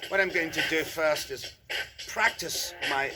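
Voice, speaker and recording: A man jokes his way through a travel vlog to camera from an outdoor market bar, rambling and self-mocking. His voice is fairly high and a little slow, and a loud live band plays over it.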